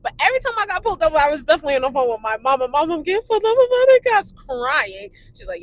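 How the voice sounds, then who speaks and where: A woman's voice: extremely high pitch, rapid-fire, hardly any pauses, dry recording, poor audio. A young woman co-hosting a casual chat, telling stories with lots of swearing and acted-out voices. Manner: animated, swears freely, acts out quoted voices. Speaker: co-host.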